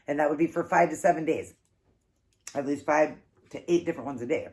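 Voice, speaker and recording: A woman's voice: low-pitched, a little fast, darkish tone. A woman hosting an eating show, casually telling an embarrassing story and laughing often.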